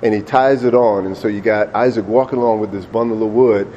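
A man's voice: fairly low pitch, steady tone, a little fast, warm tone, highs cut off, a little hiss or hum. A man preaching a sermon, retelling a story in a conversational way and repeating words when he gets emphatic.

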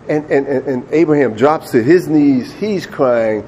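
A man's voice: medium pitch, unhurried, warm tone, slight background noise. A man preaching a sermon, retelling a story in a conversational way and repeating words when he gets emphatic.

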